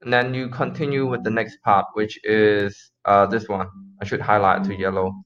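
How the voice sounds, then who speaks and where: A man's voice: on the low side, little pitch movement, normal speed, fairly bright tone. A man teaching a cold-call sales script in a casual, repetitive way, acting out the phone lines as he goes. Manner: casual, repeats phrases, acts out call lines. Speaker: sales trainer. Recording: slightly dull lo-fi audio.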